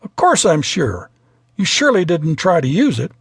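A deadpan airline captain who lectures sternly and quickly, as read by a male narrator. His husky voice rises in pitch and the reading sounds dry and close. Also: dry recording, exaggerated voice.

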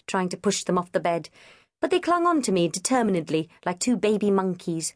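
Woman narrator, first-person kids' audiobook, animated and expressive, dry studio sound. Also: fairly low pitch, moderate pace, no echo. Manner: lively, expressive storytelling.

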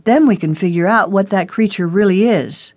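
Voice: mid-range voice, moderate pace, a little mellow, muffled recording, natural voice. A narrator voicing a frightened young woman. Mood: anxious. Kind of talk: audiobook character reading.

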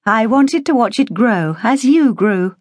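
A woman's voice: medium pitch, measured pace, no room sound, voice pushed up, close to an everyday voice. A woman reading an audiobook, voicing a loving mother who speaks fondly to her daughter. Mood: tender. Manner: tender, fond.

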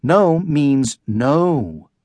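A firm, no-nonsense mom in a children's storybook, as a man narrator puts her on. She speaks in a lively, measured way, recorded close and dry. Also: on the high side, no room sound. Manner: firm, matter-of-fact. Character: firm, patient suburban mom.

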